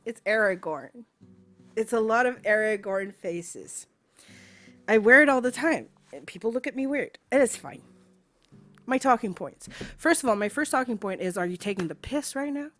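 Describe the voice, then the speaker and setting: A woman's voice: fairly high pitch, lively intonation, normal speed, fairly bright tone, faint music behind. A woman streaming from home, ranting angrily to her chat with swearing and sarcasm, repeating her points for emphasis. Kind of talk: angry rant to a live stream chat.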